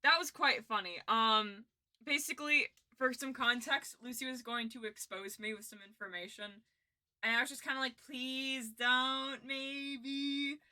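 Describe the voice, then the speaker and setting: A woman's voice: fairly high pitch, moderate pace, bright, forceful tone. A young woman streaming, chatting casually and rambling with frequent giggles and restarts. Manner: giggly, rambling, self-interrupting. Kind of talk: casual livestream chat.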